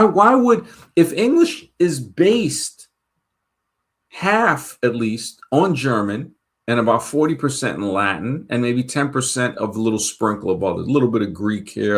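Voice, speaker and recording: A man's voice: on the low side, vocal fry. A man from Brooklyn, hosting a show and talking casually, rambling and thinking aloud as he checks facts mid-sentence. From Brooklyn, New York. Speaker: show host. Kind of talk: casual monologue.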